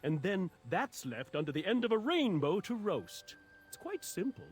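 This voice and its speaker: An actor playing a showy, self-adoring young knight who refers to himself in the third person, heard in game audio over music. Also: male voice, high-pitched, big pitch swings, moderate pace, darkish tone, husky, exaggerated voice. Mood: boastful.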